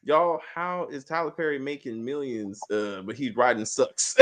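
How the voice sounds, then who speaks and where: A man hosting a casual TV review chat, animated and profane, acting out the characters' lines. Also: medium pitch, normal speed. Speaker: podcast host.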